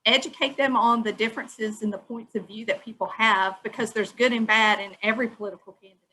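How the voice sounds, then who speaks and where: A woman's voice: fairly high pitch, fairly even intonation, fast, pushed and bright, slight background noise, low-quality recording. A woman on a webinar earnestly explaining her view at length. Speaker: webinar participant. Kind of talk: giving an opinion in a video call.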